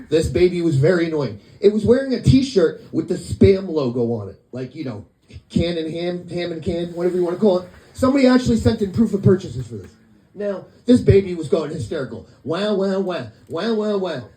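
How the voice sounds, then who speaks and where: Male stand-up comic, deadpan storyteller, high lively voice, mellow tone, roomy club sound. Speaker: stand-up comedian. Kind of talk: stand-up set. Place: comedy club.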